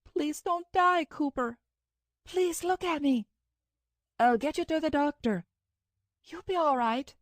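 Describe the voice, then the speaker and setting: A desperate young woman, as a woman narrator puts her on begs and pleads in a voice pitched high and strained with tears. The sound is dry and close, with no room around it. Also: lively intonation, slow, darkish tone, no echo. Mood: frantic. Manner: urgent, pleading, high and tearful. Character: distraught young woman pleading over friend.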